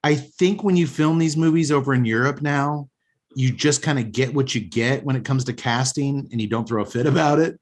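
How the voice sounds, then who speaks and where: A man's voice: medium pitch, moderate pace. A man hosting a casual podcast chat, rambling and opinionated with frequent restarts. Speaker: podcast host.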